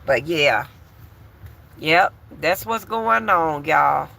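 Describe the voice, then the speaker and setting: A woman's voice: sits low, lively intonation, drawn-out words, gravelly, pushed and bright. A woman vlogger chatting bluntly and candidly to her viewers from home while doing chores. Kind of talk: casual chat to viewers.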